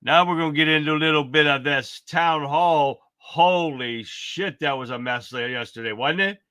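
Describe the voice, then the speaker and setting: A man's voice: on the high side, moderate pace, bright, forceful tone, smooth, dry recording. A man hosting a casual political livestream, fired up and rambling, swearing freely as he talks. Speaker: livestream host.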